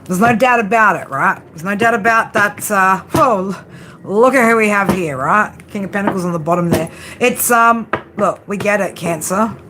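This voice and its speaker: A woman giving a tarot reading, blunt and profane, often tagging her points with a quick "right?". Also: medium pitch, background noise. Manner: frank tough-love delivery. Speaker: tarot reader.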